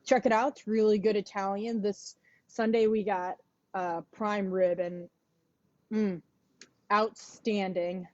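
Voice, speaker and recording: A woman fitness instructor chatting casually before a livestream workout class, relaxed and sighing now and then, on a headphone mic at home. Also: medium pitch, slow pace, no room sound, lo-fi sound. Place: indoors at home. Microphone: wireless headphone mic.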